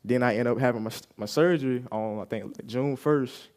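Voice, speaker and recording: A man's voice: mid-range voice, normal speed, a little mellow. A young man giving a personal testimony at a youth service, telling his story casually and acting out what people said.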